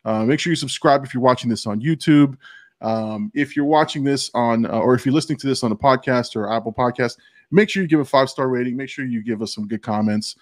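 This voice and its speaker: Male podcast host, mid-pitched, laid-back and profane, on a dry close mic. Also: quick pace, darkish tone, no room sound. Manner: laid-back, profane, drinking beer on air. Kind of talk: casual podcast chat.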